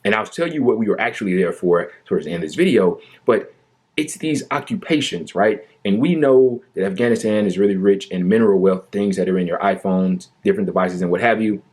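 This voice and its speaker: Male commentator, low voice, sarcastic and animated, debunking a politician's claims. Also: brisk, slightly rough. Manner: mocking, exaggerated fake sorrow and sighs; animated, argumentative, incredulous.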